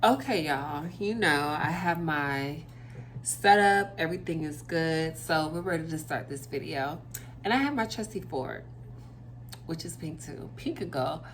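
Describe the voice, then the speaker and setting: Slow low-voiced woman vlogger. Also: lively intonation, slight background noise. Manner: chatty, drawn-out, talks straight to viewers. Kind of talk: casual chat to camera over dinner.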